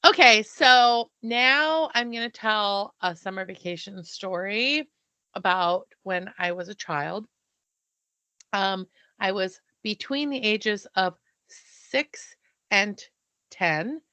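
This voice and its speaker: A middle-aged American woman co-hosting a podcast, telling stories in a casual, animated way, acting out the people she quotes and often restarting her sentences. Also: mid-range voice, slow pace, no room sound. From United States. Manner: restarts and stumbles mid-sentence. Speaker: podcast co-host. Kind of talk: casual storytelling chat.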